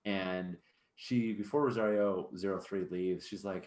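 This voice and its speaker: Guy player talking slow, lots of "like", super deep voice, echoey room. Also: steady tone, darkish tone, slight background noise. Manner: slow, searching, many fillers. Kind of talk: tabletop role-play.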